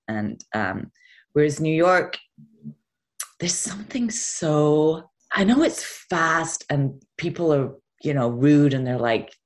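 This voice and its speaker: Animated, chatty woman telling stories. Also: extremely low pitch. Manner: chatty, animated storytelling with laughs. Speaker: guest actress. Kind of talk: casual interview chat.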